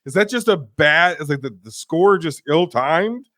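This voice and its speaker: Animated man riffing on a bad film. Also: a little high, moderate pace, dry recording, clean studio sound. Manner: animated, swearing, acts out scenes in mock voices. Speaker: podcast co-host. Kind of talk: casual film review chat.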